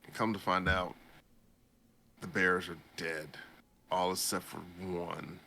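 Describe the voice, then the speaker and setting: A man's voice: deep voice, fairly even intonation, takes it slowly, vocal fry, pushed and bright, slight background noise. A young man hosting a podcast, casually recapping a story in a rambling way, laughing as he goes. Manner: rambling, laughs while he tells it. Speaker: podcast host.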